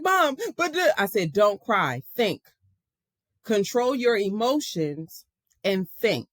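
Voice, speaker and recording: A woman's voice: fairly low pitch, no echo, studio quality. A middle-aged woman hosting a show, chatting emphatically and repeating phrases for effect as she tells a personal story. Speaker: host. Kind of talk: casual storytelling monologue.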